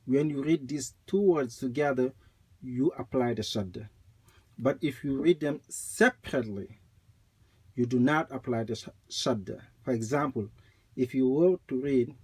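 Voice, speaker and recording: A man teaching Quran recitation rules, explaining slowly and repeating points, with recited examples. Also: mid-range voice, slightly rough.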